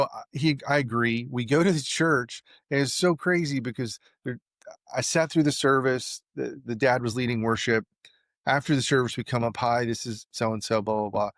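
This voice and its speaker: A man being interviewed tells a story casually, in a medium-pitched voice on a clean studio recording with no echo. He's animated and acts out the lines of the people he quotes.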